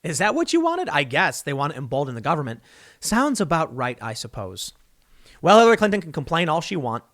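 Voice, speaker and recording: A man's voice: on the high side, big pitch swings, a little fast, fairly bright tone. A man hosting solo political commentary, reading news clippings aloud and reacting with emphatic, sarcastic remarks.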